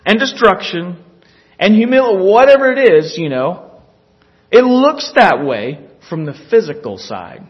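A man preaching a sermon, animated, acting out scripture scenes with little chuckles. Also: high-pitched. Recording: dull lo-fi recording.

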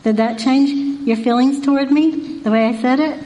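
A woman's voice: high voice, moderate pace, warm tone, poor audio. A woman giving an informal Christian devotional talk, earnest and folksy, asking one rhetorical question after another. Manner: folksy and repetitive.

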